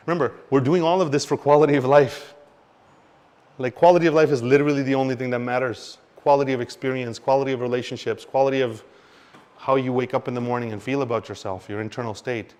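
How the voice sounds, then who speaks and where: Guy doing a crypto lesson, super animated, gets loud then drops real quiet, cusses some, regular pitch. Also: a little fast. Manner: animated, swings loud and soft, mimics panicked investors, swears. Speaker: crypto educator. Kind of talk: explanatory talk to camera.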